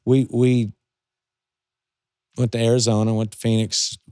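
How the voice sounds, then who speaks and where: An older Californian man, a retired racing driver, is a guest in a casual interview, spinning long, rambling anecdotes full of restarts. His medium-pitched voice is flat, unhurried, mellow and smooth. The recording is dry, with clean studio sound.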